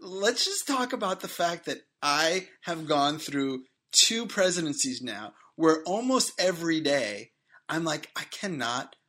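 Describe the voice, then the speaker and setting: A podcast co-host from Boston in casual chat, animated and quick to laugh. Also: male voice, fairly high pitch. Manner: animated, laughs often, trails into asides.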